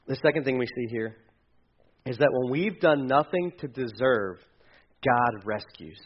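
A man preaching a conversational sermon, swinging from loud emphasis to hushed, quiet passages. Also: mid-range voice, expressive, normal speed, slightly rough, muffled recording. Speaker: pastor.

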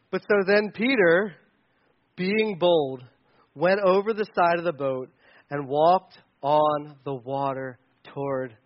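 High-voiced man preaching a casual sermon. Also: lo-fi sound. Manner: conversational, animated with playful asides. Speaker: pastor.

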